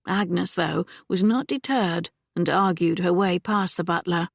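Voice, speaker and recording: A woman narrating a historical romance audiobook in a calm, measured manner. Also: on the low side, vocal fry, no room sound, clean studio sound. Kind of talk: scripted narration.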